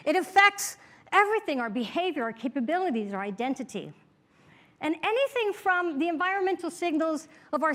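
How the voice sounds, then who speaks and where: A woman's voice: very high voice, fairly bright tone. A woman giving a motivational seminar talk, stressing each item as she builds lists. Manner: emphatic, builds lists with rising and falling stress. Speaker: seminar speaker.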